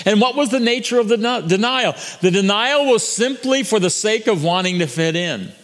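High-voiced preacher in a reverberant hall. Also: male voice, expressive, normal speed, fairly bright tone. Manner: earnest preaching with frequent restarts and repetitions. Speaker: pastor. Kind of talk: sermon.

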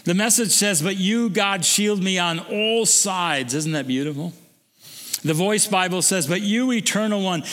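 A man with a high voice preaches a sermon, earnest and stumbling over his opening words before pushing on. His voice lifts higher when he presses a point. It rings out with a long reverb, as in a big church. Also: fairly bright tone. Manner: earnest, repeats words when starting phrases, rises in pitch when stressing a point. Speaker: pastor. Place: church service.

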